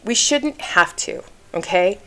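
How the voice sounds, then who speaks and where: A woman's voice: medium pitch, animated, slow pace, a bit bright. A woman vlogger talking straight to the camera in an indignant, emphatic rant, stopping often to ask "okay?", and at times getting emotional. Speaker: YouTube commentary creator.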